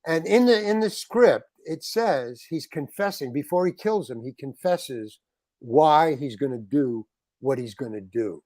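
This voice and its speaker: A man, a guest actor, telling a long anecdote in a casual interview, animated and saying "man" often. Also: on the high side, measured pace, dry recording. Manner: animated anecdote teller, peppers talk with "man".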